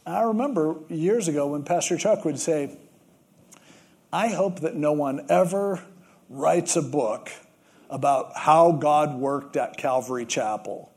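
A man's voice: a little high, unhurried, darkish tone, breathy edge. A man preaching a sermon, telling stories and acting out the voices in them. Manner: storytelling, acts out quoted voices. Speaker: pastor.

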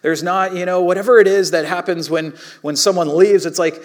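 A man preaching a sermon in a casual, conversational way, with animated asides to the congregation. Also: high voice, fairly quick. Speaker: pastor.

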